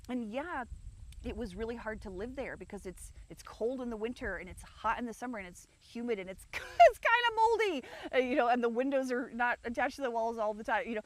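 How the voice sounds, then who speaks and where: A woman's voice: fairly high pitch, fairly quick. A woman hosting a livestream, talking frankly and meanderingly about her life from an outdoor rock garden, with frequent swearing. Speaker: livestream host. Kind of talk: rambling personal chat.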